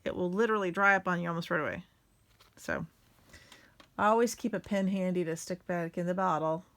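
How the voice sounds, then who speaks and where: A woman's voice: fairly low pitch, a little fast, a bit bright. A middle-aged woman, hosting a casual craft tutorial and chatting while she works. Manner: chatty, self-deprecating, talks while working.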